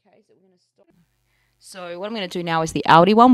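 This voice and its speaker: A woman's voice: fairly low pitch, fast talker, gravelly. Chatty woman in an echoey room. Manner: chatty, self-deprecating, rambling with restarts. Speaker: singer reviewing microphones. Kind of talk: casual demo talk. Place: home recording setup. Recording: echoey room, faint noise.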